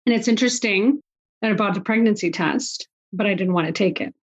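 A woman's voice: medium pitch, a little fast, breathy edge. Woman in her 40s, emotional storyteller, kinda muffled lo-fi sound. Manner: emotional, storytelling with quoted dialogue. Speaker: guest. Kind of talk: conversational interview.

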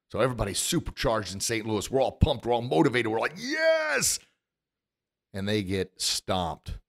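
A middle-aged man hosting a motivational podcast, standing at a studio microphone and talking with animated emotion, often laughing at himself. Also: fairly low pitch. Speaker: podcast host. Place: recording studio.

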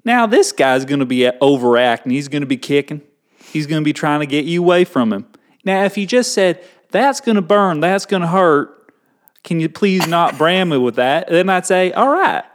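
A man voicing a mock-folksy male Southern rancher in a put-on Southern accent, slow and drawn out. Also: a little high, expressive, lightly acted.

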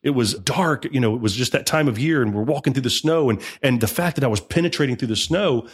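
A man with a husky voice talks at a quick clip, recounting his mission work as an interview guest. He piles up emphatic repetitions and often restarts his sentences. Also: medium pitch. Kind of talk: conversational interview testimony.

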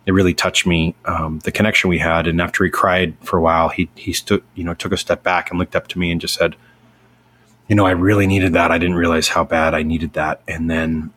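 Middle-aged male host, deep and monotone, earnest rambling storyteller. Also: fairly quick. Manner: earnest, rambling, with many fillers and restarts. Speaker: podcast host. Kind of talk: personal storytelling.

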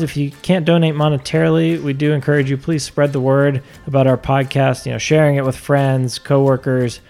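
A man's voice: mid-range voice, gravelly, a little mellow. A man co-hosting a local food podcast, talking casually with lots of fillers and restarts. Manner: rambling, many fillers and restarts. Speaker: podcast co-host.

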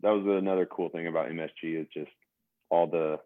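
A young adult man, a former pro basketball player, telling stories as a guest in a relaxed casual podcast interview, over a tinny phone-like line. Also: sits low, fairly quick, no room sound. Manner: relaxed storytelling with fillers.

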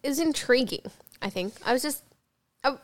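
A woman's voice: high voice, expressive, brisk. Aussie woman on a podcast, chatty, giggly, lots of likes and ums. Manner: candid, giggly, trails off with fillers. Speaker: podcast co-host. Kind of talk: casual chat.

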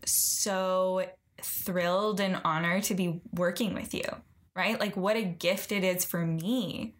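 A woman's voice: mid-range voice, fairly bright tone. A woman podcast host and coach on a video call, speaking in an affirming way and often closing her points with "right?". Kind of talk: casual conversation.

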